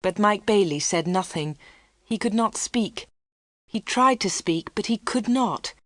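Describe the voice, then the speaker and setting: Female narrator for a learner's storybook, steady clear reading, dry. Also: mid-range voice, a little slow, dry recording.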